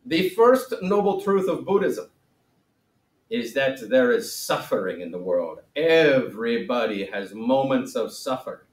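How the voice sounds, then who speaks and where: A man's voice: medium pitch, big pitch swings, measured pace, reverberant, far from the mic, low-quality recording. A man doing a mock-solemn sage with a wobbly accent. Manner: wobbly put-on accent, theatrical, jokey. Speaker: teacher. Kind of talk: comic classroom role-play.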